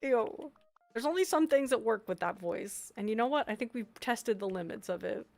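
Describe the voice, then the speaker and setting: A woman's voice: on the high side, animated, moderate pace, creaky, darkish tone. A woman live-streaming as she works on game designs, chatting casually with her chat, reading messages aloud and laughing often. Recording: faint background music.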